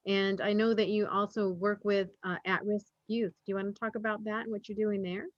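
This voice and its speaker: A woman's voice: mid-range voice, level tone, brisk, dry recording, highs cut off. A woman hosting an interview, asking brief questions and offering short affirmations. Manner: brief prompts and affirming murmurs. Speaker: podcast host. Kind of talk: interview host.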